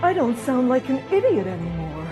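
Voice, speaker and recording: A woman's voice: fairly high pitch, big pitch swings, normal speed. A woman playing a possessed female celebrity who turns sensible and defiant, declaiming and half-singing. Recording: music playing underneath. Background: music.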